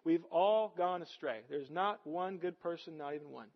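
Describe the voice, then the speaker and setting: A man's voice: on the high side, normal speed, dull audio. A man preaching a sermon as pastor, earnest and conversational, often putting rhetorical questions to the congregation.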